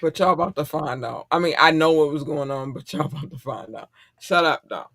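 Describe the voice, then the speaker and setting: A middle-aged man hosting a casual podcast chat, animated and profane and quick to laugh. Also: on the high side, gravelly, no room sound, studio quality. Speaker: podcast host.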